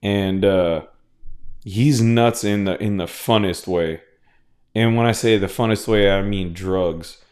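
Man, podcast host, low-pitched, casual rambling chat, lots of fillers, swears freely. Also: takes it slowly, a little mellow. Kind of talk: casual solo podcast monologue.

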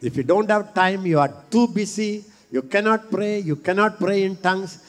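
A middle-aged man preaching a sermon. He repeats his phrases and builds from quiet talk to shouting. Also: high-pitched, moderate pace, big-room sound, faint music behind.

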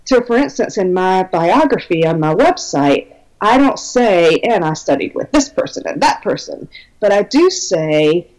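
A woman's voice: fairly low pitch, big pitch swings, unhurried, a little mellow, poor audio. Chatty woman belly dance teacher. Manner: chatty, enthusiastic, many fillers. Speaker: guest belly dance instructor. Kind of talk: casual podcast conversation.

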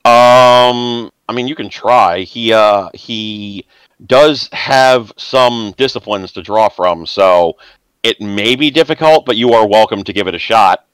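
A man narrating as game master of a tabletop role-playing game, casual and halting, with many restarts. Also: fairly low pitch, fairly bright tone, clean tone, dry recording, poor audio.

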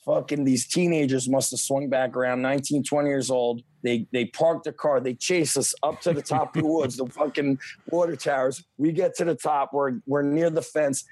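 A middle-aged man in casual chat, telling lively childhood stories with swearing and laughter. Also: medium pitch, moderate pace, few pauses, dry recording.

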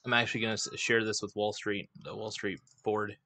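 A man's voice: fairly low pitch, flat delivery, fairly quick, creaky, sharp tone, no room sound. Rambling, profane male livestream host. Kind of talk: casual livestream rant. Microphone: desk microphone, not clipped on.

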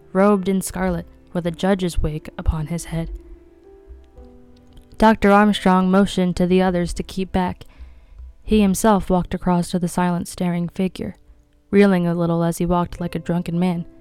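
Smooth-voiced woman reading a mystery aloud. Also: fairly low pitch. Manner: measured, even narration. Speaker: audiobook reader.

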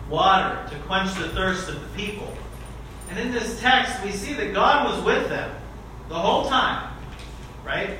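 A bright, fairly high male voice preaching in a conversational way, often turning to the congregation for agreement. He is heard from some distance in a strongly echoing church sanctuary with a faint hiss behind him. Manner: conversational, often asks "right?". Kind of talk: sermon. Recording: echoey church hall, mic at a distance.

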